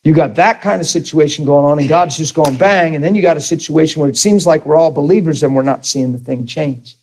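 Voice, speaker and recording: A man's voice: on the high side, brisk, darkish tone, a little hiss or hum, rough recording. A man preaching a sermon, telling a story and asking the audience questions.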